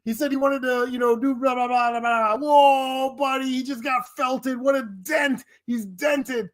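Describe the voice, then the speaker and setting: A man doing a loud, excitable podcast host. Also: very high-pitched, unhurried, pitched above the performer's own voice. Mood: incredulous hype. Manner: shouting exclamations, incredulous.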